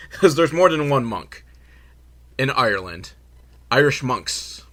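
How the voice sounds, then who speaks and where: A man recapping a film for laughs, sarcastic and quick to swear. His voice is bright and swings widely in pitch as he mocks what happens on screen. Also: animated. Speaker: movie recap host.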